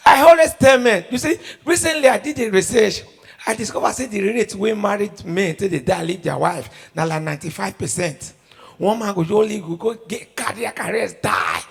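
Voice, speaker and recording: This young adult Nigerian comic performs a stand-up set at a live venue, spinning lively stories in Nigerian Pidgin. He talks at a moderate pace in a high-sitting voice that is slightly rough with some vocal fry.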